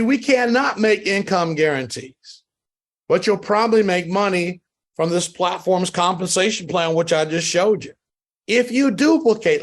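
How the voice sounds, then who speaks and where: A man giving a sales training talk on a call, emphatic and repetitive in a motivational pitch. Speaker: network marketing trainer.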